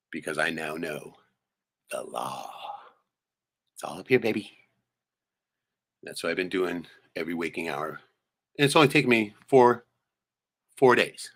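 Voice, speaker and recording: In an extremely low voice that still comes across pushed and bright, a livestream host rants casually. He's profane and heated, rambling as he peppers nearly every line with "right?".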